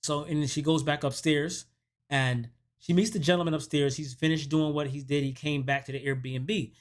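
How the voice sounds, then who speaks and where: Man, film reviewer, casual recap, animated storytelling, slightly high voice. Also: normal speed. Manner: animated storytelling that acts out quoted dialogue. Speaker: movie review channel host.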